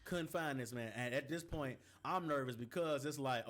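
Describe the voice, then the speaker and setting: A man on a podcast telling a story in casual chat, animated and slangy with lots of asides. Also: mid-range voice, normal speed.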